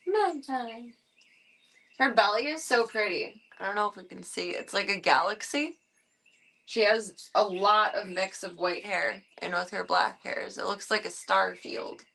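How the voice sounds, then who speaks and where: A woman's voice: medium pitch, creaky, bright, forceful tone. A woman livestreaming from home, chatting casually and cooing baby talk to her cat.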